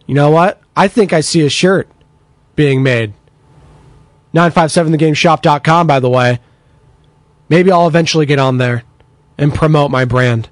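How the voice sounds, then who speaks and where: Energetic man hosting sports radio. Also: on the high side, normal speed, pauses often, no room sound. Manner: energetic, chatty, takes text-line messages. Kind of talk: sports talk radio monologue.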